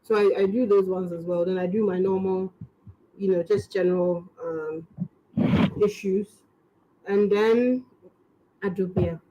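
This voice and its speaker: A woman from Ghana, a comedian being interviewed, speaks in a medium pitch at a measured pace with long pauses. Her Ghanaian English carries animated, rambling stories punctuated by laughter. The audio sounds dull and has slight background noise.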